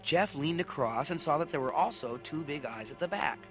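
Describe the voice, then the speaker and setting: A man narrating a children's science fiction audiobook in an expressive storytelling manner. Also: on the high side, normal speed, over music. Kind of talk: audiobook narration with character voices.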